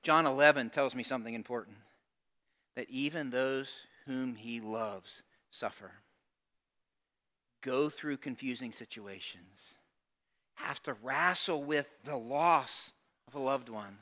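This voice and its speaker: A man's voice: medium pitch, slow pace, bright, forceful tone. A male pastor preaching a sermon with emphatic call-and-response, putting direct questions to his congregation.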